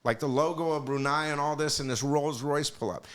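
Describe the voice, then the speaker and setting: A man's voice: on the high side, steady tone, fairly quick, a bit bright. A man, a music executive, telling stories as a podcast guest in a loose, profane way, often asking "you know what I mean". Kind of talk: casual storytelling in a podcast interview.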